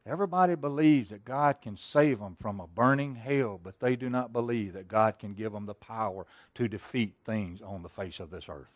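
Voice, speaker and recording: A man preaching a sermon, telling a story in a folksy way and asking the congregation many questions, swinging between loud and hushed delivery. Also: lowish voice, moderate pace, hardly any pauses, dry recording. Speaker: pastor.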